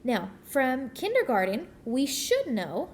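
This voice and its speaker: A woman's voice: sits high, huge pitch swings, takes it slowly, a little hiss or hum. A woman teacher giving a patient phonics lesson to young children, sounding out the parts of words.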